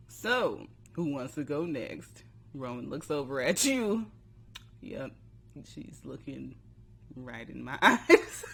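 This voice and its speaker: Youtuber reading their old story out loud and roasting it, laughs a lot, super animated pitch. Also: husky. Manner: self-mocking, laughs often, breaks into reading. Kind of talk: casual commentary on a story game.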